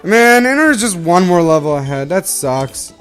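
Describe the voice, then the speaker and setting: A man's voice: sits high, very animated, normal speed, a bit bright, soft background music. A young man from Canada giving rambling, self-correcting commentary while hosting a game playthrough. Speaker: let's play host. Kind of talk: casual gameplay commentary.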